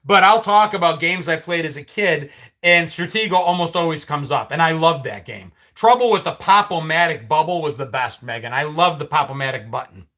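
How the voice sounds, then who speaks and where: A middle-aged man hosts a live stream in a loose, conversational way, reacting to viewer comments with dry, sarcastic asides. His voice sits high and sounds bright and forward, and he often restarts his sentences. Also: animated, fairly quick. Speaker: livestream host. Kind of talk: casual chat reading live comments.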